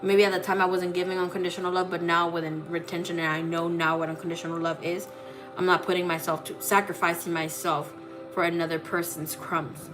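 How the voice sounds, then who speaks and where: A psychic tarot reader, a woman with a low-ish, level voice, talks fairly quickly while telling a personal story in a blunt, profane way and acting out the dialogue. Clear music plays under her voice.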